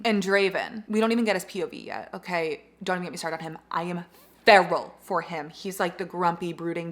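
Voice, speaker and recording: A young woman chats through her monthly book wrap-up in a casual, gushing way. Her voice sits slightly low for a woman, and she fills her speech with "like" and slang as she raves about characters. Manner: gushing, animated, slangy with lots of "like". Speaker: book vlogger. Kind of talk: casual book review chat.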